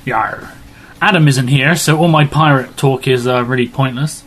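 A man's voice: mid-range voice, moderate pace, a bit bright, slight background noise. A man hosting a casual podcast, joking around and slipping into pirate talk. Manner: jokey, slips into pirate talk. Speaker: podcast host.

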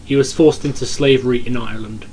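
A man's voice: mid-range voice, fairly even intonation, fast, a little mellow, slight background noise, rough recording. A man co-hosting a podcast, trading dry, teasing banter in a casual chat. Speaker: podcast co-host.

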